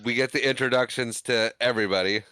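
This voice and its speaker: A man's voice: mid-range voice, fairly even intonation, fast talker, sharp tone, clean tone, dry recording. A man co-hosting a podcast, casually retelling a film's scenes and laughing often. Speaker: podcast co-host. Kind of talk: casual movie recap chat.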